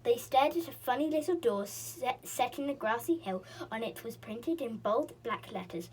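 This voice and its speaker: A woman reading a children's storybook aloud in an expressive way, with a few slips and restarts. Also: fairly high pitch, moderate pace, few pauses, breathy edge.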